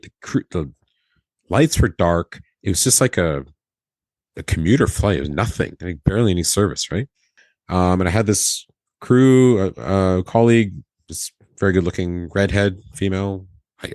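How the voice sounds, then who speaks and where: In a dry recording, a low-pitched man who once worked as a flight attendant shares a casual podcast story. He animates it by performing the dialogue and laughs frequently.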